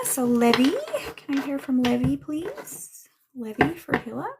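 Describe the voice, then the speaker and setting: A woman doing a casual livestream tarot reading, chatting to viewers and dropping into soft muttered asides. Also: high-pitched, a little slow, background noise. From Newfoundland, Canada. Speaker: tarot reader and medium.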